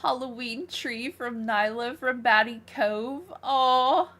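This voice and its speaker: A woman chatting casually on a live game stream from her room, soft-spoken and giggly, gushing over cute things. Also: fairly high pitch, slow. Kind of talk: casual livestream chat while playing. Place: her own room, small fan running beside her.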